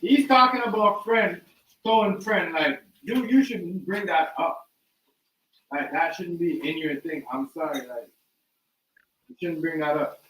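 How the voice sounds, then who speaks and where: A man co-hosts a relaxed livestream, speaking in a loose, slangy way and mostly going along with his partner. His fairly high voice sounds set back from the mic. A roomy echo hangs around every word. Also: measured pace, distant mic, a little hiss or hum. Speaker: co-host. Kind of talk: casual opinion chat.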